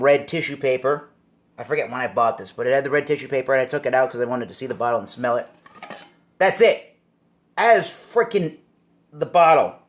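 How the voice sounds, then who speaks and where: A man hosting a casual home beer review, talking animatedly and exclaiming at surprises. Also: on the high side. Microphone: phone or camera mic.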